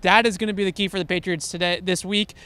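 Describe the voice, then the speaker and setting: Bright, high-voiced football analyst man. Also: steady tone, quick pace, clear, resonant tone. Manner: nerdy, enthusiastic breakdown of tactics. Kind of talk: casual sports podcast chat.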